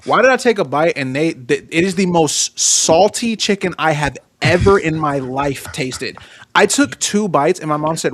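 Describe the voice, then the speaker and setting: A man with a somewhat high voice co-hosts a casual wrestling podcast. He tells long, animated stories, laughs often and drops in bits of song. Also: normal speed, a little hiss or hum. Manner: animated storyteller, laughs often, sings snatches of songs. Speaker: podcast co-host.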